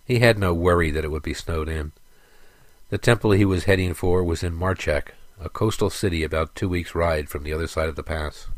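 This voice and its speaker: A man reading a fantasy story aloud in a measured, even storytelling manner. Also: low voice, dry recording. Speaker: narrator. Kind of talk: audiobook narration.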